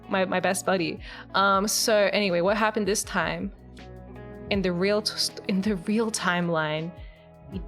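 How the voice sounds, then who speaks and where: A woman's voice: mid-range voice, fairly bright tone. A woman streamer recapping a game in casual, chatty storytelling, often breaking into giggles. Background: faint background music.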